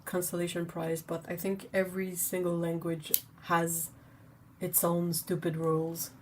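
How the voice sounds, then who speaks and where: A woman whose first language is French hosts a livestream, chatting casually while she paints. Her fairly low voice is monotone and a little slow, yet her chat is rambling and playful, with frequent giggles and self-mocking jokes. There's slight background noise.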